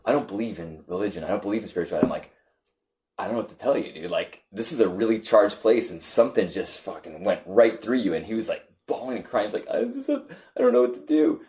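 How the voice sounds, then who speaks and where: A man telling a story in casual chat, animated and halting, with many repeats and fillers. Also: low-pitched.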